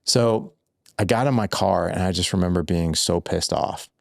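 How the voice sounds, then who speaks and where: A man's voice: low-pitched, moderate pace, gravelly, no echo, clean studio sound. A man who is a guest on a podcast, telling a personal story in loose, candid conversation, full of "like" and "I was like". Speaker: podcast guest, fatherhood coach.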